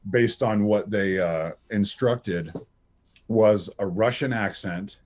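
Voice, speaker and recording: A man in his thirties with a slightly low voice, chatting in an interview. He tells stories with energy, laughs often, and restarts his sentences as he goes. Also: slow. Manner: animated, anecdotal, laughs often, many restarts. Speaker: voice actor guest. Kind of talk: casual interview chat.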